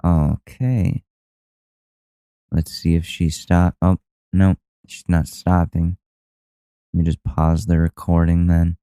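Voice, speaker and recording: Solo podcast host, male, low-ish clean voice, dry close sound, rambles and laughs at himself. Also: little pitch movement, takes it slowly, long pauses, dark tone, no room sound. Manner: rambling, self-deprecating, many restarts and fillers. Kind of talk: casual storytelling monologue. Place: at home.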